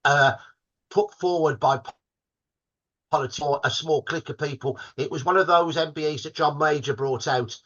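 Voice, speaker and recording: A man's voice: on the high side, normal speed, a bit bright, muffled recording. An older man with a Birmingham accent, telling stories as a guest in a podcast interview, proud and fond of local dialect words. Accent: Birmingham (Brummie). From Birmingham, England. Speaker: guest historian.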